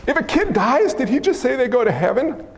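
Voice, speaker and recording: A male pastor preaching a lively, teasing sermon, acting out scenes in a church sanctuary. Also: very high-pitched, a little fast, a little hiss or hum. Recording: echoey hall with long reverb.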